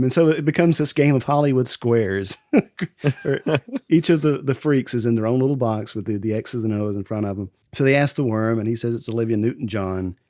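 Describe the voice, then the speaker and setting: A man hosting a casual podcast and recapping a film, laughing often and acting out lines in quick voices. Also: medium pitch, darkish tone, dry recording, clean studio sound. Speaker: podcast host. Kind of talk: casual movie recap chat.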